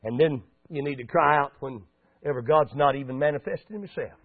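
A man's voice: a little high, normal speed, dry recording. A man preaching a sermon in a folksy manner that rises into fervent exhortation, heard over a tinny radio broadcast.

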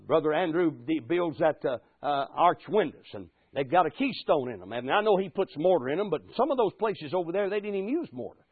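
A man preaching a sermon, building to fervent shouts and asking the congregation "Amen?". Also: a little high, slightly rough, no room sound. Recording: tinny phone-like radio broadcast.

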